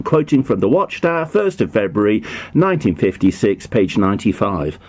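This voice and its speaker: A man's voice: fairly low pitch, very animated, moderate pace, few pauses, darkish tone, breathy edge. A man making a prank phone call in a put-on, poorly done American accent, hesitant and mock-innocent, full of ums and restarts. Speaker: prank caller.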